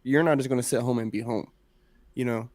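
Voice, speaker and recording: A man co-hosting a casual podcast, talking in a relaxed, rambling, slangy way. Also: medium pitch, fairly quick, dry recording. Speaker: podcast co-host, former youth coach.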